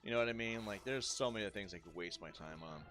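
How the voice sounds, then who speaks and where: A man's voice: on the low side, quick pace, music in the background. A man streaming a video game who rants in a combative, profane and sarcastic way. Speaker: gaming streamer. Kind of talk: casual rant over gameplay.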